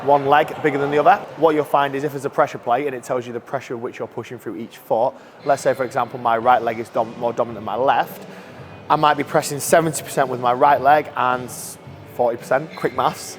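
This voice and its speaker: In a large indoor gym with noisy background and faint music, a staff member casually walks viewers through the machines. His medium-pitched voice is quick with fairly even intonation, and he's chatty and self-deprecating.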